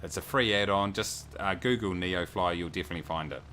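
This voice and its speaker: Low-voiced New man chatting on stream. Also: a little fast, pushed and bright, a little hiss or hum. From New Zealand. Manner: chatty, reads viewer messages aloud and thanks them. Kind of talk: casual livestream chat.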